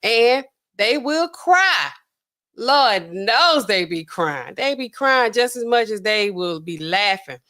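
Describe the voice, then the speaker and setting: A woman hosting a show in casual, rambling commentary, talking in an animated, colloquial way and laughing often. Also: a little high, slow pace. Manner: swings often between loud and quiet.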